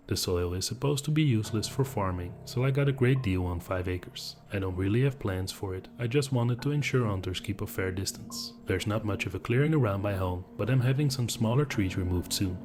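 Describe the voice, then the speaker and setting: A man narrating horror stories in an even, measured storytelling voice. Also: lowish voice. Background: background music.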